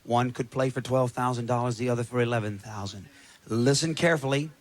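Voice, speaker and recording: A man hosting a television game show, joking and reading survey questions briskly. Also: medium pitch, fairly even intonation. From Kentucky. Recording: old TV broadcast with loud studio audience. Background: studio audience noise.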